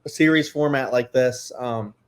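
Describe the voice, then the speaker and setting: A man co-hosting a casual chat show, rambling with many fillers, excitable and a little emotional. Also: mid-range voice, normal speed. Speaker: co-host.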